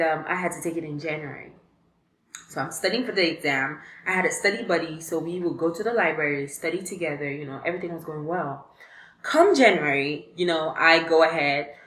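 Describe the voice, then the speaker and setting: Chatty young woman in an echoey room. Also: on the low side. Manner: animated, chatty storytelling with many fillers. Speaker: vlogger. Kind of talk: casual storytime vlog.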